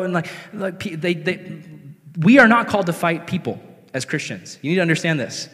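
A man preaching a sermon in a casual, conversational way that rises to animated, excited peaks. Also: a little high, fast. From America. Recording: long hall reverb.

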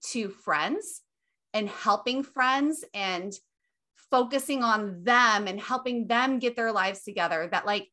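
A young woman talks on her podcast in a loose, casual chat, her voice bright and forward. She gushes and leans hard on her words, dropping swear words freely as she goes. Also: fairly high pitch. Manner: gushing, emphatic, swears freely. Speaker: podcast host.

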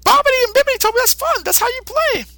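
A man's voice: animated, fast, pushed and bright, dry recording, full character voice. A man voicing a childlike, innocent male demon who speaks in simple, broken sentences. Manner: simple broken speech, squeaky.

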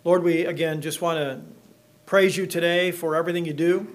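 A man's voice: fairly high pitch, steady tone, a little fast. A middle-aged man preaching in church, reading scripture and joking with the congregation in a folksy way. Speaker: pastor.

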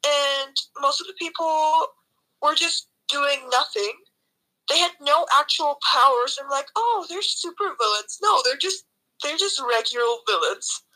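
A young woman co-hosting a casual movie review chat, blunt and sarcastic in an animated way. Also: high-pitched, a little slow, low-quality recording. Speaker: co-host.

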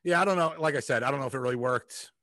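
Laid back dude, laughs a lot, bright voice, swears casually. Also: male voice, mid-range voice, racing, no room sound, studio quality. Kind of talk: casual chat.

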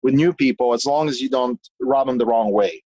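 A man telling stories as a guest in a casual conversation, animated and talkative, often restarting his sentences. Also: mid-range voice, brisk, no room sound, poor audio. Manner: swears casually. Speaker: guest, business owner.

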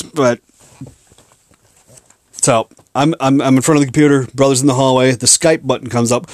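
A man's voice: medium pitch, moderate pace, dry recording, studio quality. A young man from Minneapolis hosting a podcast, telling a story in a rambling, profane, self-mocking way. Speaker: podcast host. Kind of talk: casual storytelling monologue.

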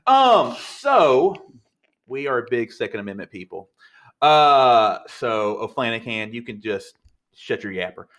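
An American man in casual podcast banter who keeps cracking jokes. His pitch sits in the middle but swings around a lot as he talks. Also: sing-song, fairly bright tone. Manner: joking, quick wisecracks. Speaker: podcast co-host. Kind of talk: casual chat.

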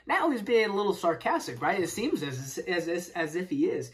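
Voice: mid-range voice, animated, moderate pace. A speaker giving a casual Bible study, explaining verses with rhetorical questions and peppering the talk with "right?" and "man.". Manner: casual, filler-heavy, keeps saying "right?" and "man". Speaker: Bible teacher.

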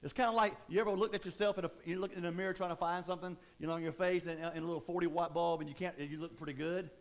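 A man's voice: high-pitched, steady tone, racing. A man preaching a sermon in a conversational way, often repeating and restarting words. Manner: repetitive, stammering restarts, conversational.

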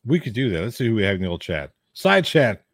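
A man's voice: on the low side, very animated, fast talker, no echo, clean studio sound. A man co-hosting a horror podcast live stream, joking casually and reading viewers' chat names aloud. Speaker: podcast co-host.

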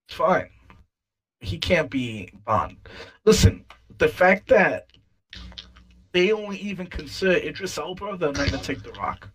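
A man's voice: fairly high pitch, big pitch swings, unhurried, pauses often, fairly bright tone, rough recording. A man co-hosting a casual podcast chat, emphatic and opinionated, swearing now and then.

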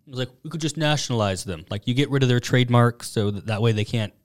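Chill podcast host guy, mid-pitch voice, tells stories and laughs a lot. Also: fast. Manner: easygoing storyteller, laughs often. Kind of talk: casual comedic chat.

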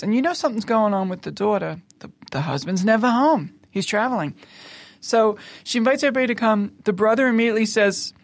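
Animated woman retelling a film. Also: on the high side, fast talker, no room sound. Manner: animated storyteller, acting out family members' lines. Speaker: podcast co-host. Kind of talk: casual chat, retelling a film plot.

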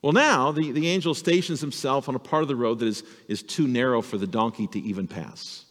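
A male pastor telling a Bible story to children in an animated, storytelling sermon. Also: medium pitch, brisk, in a large hall.

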